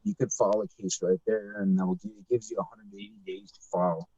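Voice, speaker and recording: A man telling a long story in casual, profane chat, animated and swearing often, with a dull lo-fi mic sound. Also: on the low side, fast talker, husky, no echo.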